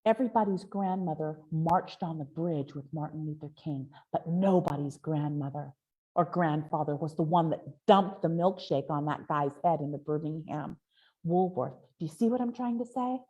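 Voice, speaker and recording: A woman's voice: sits low, moderate pace, dark tone. A middle-aged woman hosting a live question-and-answer talk, speaking with emphatic passion and rhetorical questions. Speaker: host. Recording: dull lo-fi stream audio.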